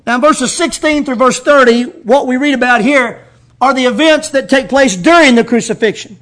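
A man preaching a sermon as pastor, reading scripture slowly and with emphasis. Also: very high-pitched, fairly bright tone.

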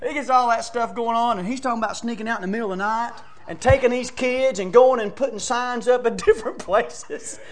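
A man preaching a sermon, telling stories in a folksy way and calling people "brother" and "man", and at times working himself up to shouts. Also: very high voice, brisk, hardly any pauses. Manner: excitable storytelling, rising to shouts.

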